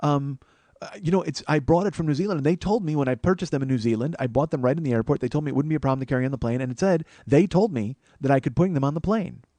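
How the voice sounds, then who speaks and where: A man's voice: fairly high pitch, very fast, few pauses, dark tone, no room sound, close to an everyday voice. A man voicing a fussy, entitled wealthy male traveler who pleads indignantly.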